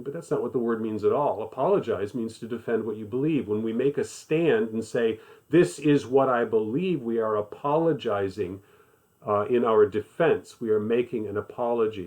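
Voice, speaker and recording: A man teaching a Bible study in a conversational voice, stressing points by repeating them. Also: medium pitch. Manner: conversational, emphatic repetition. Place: living in the American South.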